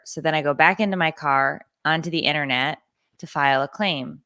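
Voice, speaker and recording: Sarcastic lady podcaster in her 30s, swears a lot, lowish voice, dry close mic. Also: fairly quick, pushed and bright, dry recording. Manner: profane, sarcastic storyteller acting out other people's lines. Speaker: podcast co-host. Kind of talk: casual storytelling chat.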